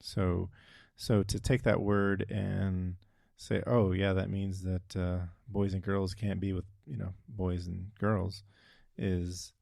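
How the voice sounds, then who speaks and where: A man's voice: sits low, little pitch movement, slow pace, vocal fry, a little mellow, no room sound, clean studio sound. A man co-hosting a casual podcast chat, thoughtful and searching for his words. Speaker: podcast co-host.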